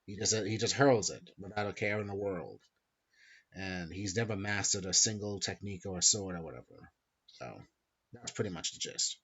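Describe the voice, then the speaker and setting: A man's voice: low voice, normal speed, fairly bright tone, husky. A man hosting a podcast, casually recapping a story in a rambling, self-correcting way with some swearing. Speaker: podcast host. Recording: dull lo-fi sound.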